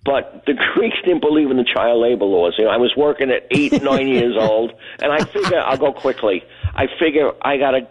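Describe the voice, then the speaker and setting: A man's voice: medium pitch, lively intonation, fairly quick, husky. A middle-aged man from Brooklyn, calling in to a radio show and telling a long, rambling story, acting out the lines of the people in it. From Brooklyn, New York. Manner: rambling, anecdotal, acts out other people's lines. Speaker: caller. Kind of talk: phone-in storytelling. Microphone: telephone. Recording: tinny phone line.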